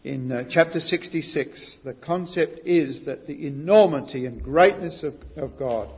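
A man preaching a sermon, building to loud emphatic stresses and asking his listeners questions. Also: a little high, unhurried. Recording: muffled recording with long hall reverb.

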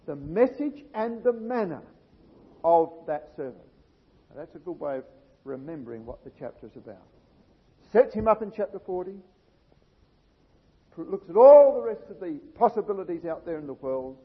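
A man's voice: a little high, breathy edge. A man preaching an expository Bible sermon, reading scripture aloud and then commenting on it with rising emphasis. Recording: dull lo-fi recording in a reverberant hall.

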